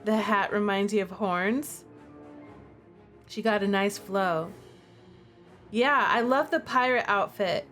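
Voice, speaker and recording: A young woman reading a dating-sim game aloud and reacting with excited, gushing commentary. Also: slow pace, long pauses, soft background music. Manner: excitable and gushing, with big pitch jumps. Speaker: streamer playing a dating sim.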